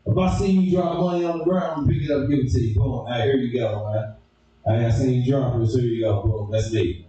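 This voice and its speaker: A man doing stand-up, telling stories and acting out people with sudden shouts. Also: brisk, heavy reverb, far from the mic, noisy background. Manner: animated, acts out characters with sudden shouted high squeals. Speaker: stand-up comedian. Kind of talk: stand-up storytelling.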